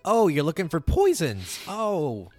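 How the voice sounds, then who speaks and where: A tiny, ancient male gnome shopkeeper, squeaking high and loud. He talks in chirpy, folksy bursts for a tabletop game, with faint music underneath. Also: wildly swooping pitch, measured pace, no echo, heavily acted. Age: older.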